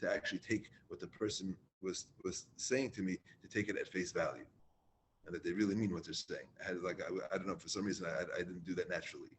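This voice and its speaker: A man's voice: deep voice, steady tone, fast talker, slight background noise. A man leading a Torah class, reading Hebrew lines and explaining them in casual English with restarts.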